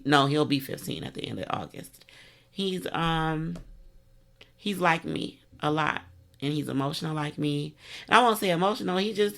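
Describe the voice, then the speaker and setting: A middle-aged woman hosting a casual interview, chatty and quick to laugh. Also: sits low, creaky. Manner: chatty, laughs easily, animated when telling stories. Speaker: podcast host.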